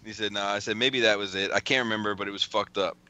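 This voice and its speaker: A man's voice: fairly low pitch, fairly even intonation, fast talker, sharp tone, clean tone. A man hosting a podcast, casually reading out text messages with a lot of cursing and laughing. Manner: profane, laughing often while reading. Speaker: podcast host.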